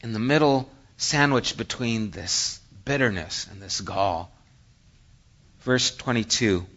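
Animated bright-voiced male preacher. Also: on the low side, takes it slowly, lo-fi sound. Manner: conversational and animated, swings from hushed to emphatic. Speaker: pastor. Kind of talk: sermon.

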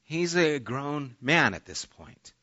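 A male pastor preaching in a casual, storytelling manner, slipping into the voices of the people he describes. His voice is bright and sits a little high for a man. The recording is dull and lo-fi. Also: very animated, slow. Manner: conversational preaching, acting out quoted voices. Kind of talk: sermon. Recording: dull lo-fi sermon audio.

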